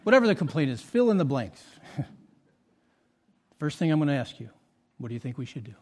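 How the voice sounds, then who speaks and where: A male pastor preaching a sermon, telling a personal story with acted quotes and dropping soft and low for confessions. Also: big pitch swings, fairly quick, husky.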